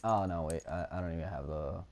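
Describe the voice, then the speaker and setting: A man giving let's play commentary, swinging between nervous muttering and loud excited shouting, and swearing a lot. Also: sits low, very fast, a little hiss or hum. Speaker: gaming streamer.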